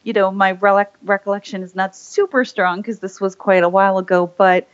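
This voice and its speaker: A woman voice actor, appearing as an interview guest, chats casually and rambles with many fillers and restarts. Her medium-pitched voice is steady in tone and brisk, and the lo-fi audio is slightly muffled.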